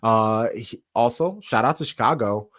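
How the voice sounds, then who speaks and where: A man's voice: medium pitch, normal speed, fairly bright tone, no room sound, clean studio sound. A man hosting a casual online soccer talk stream, joking and laughing easily. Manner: laughing, joking, self-deprecating. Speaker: podcast host. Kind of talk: casual chat.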